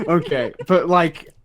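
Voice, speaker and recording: A fairly high-voiced man on a casual podcast call, talking fast and heated. He swears freely and trips over his own words, restarting sentences as he goes. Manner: excitable, swearing, stammering restarts.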